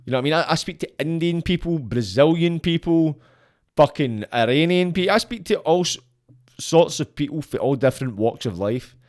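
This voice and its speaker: A young Scottish man, a podcast guest, ranting bluntly in casual chat, swearing a lot and shooting up in pitch when he gets worked up. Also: lively intonation, normal speed, a little mellow. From Scotland.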